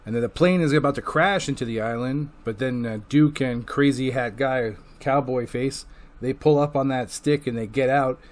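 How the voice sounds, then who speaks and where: A man's voice: mid-range voice, normal speed. Rambling, profane man recapping comics. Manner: loose and profane, with filler words and acted-out quotes. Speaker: comic book reviewer.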